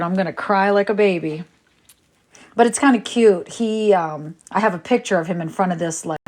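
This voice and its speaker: A middle-aged woman with a lowish, somewhat dark voice chats casually with viewers on her livestream at a moderate pace. She rambles and sounds exasperated as she talks.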